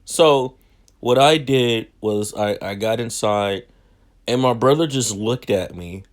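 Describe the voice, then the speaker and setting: Slow, slangy young man telling a story. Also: lowish voice. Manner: slangy, unhurried, self-mocking. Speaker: vlogger. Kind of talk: casual storytelling.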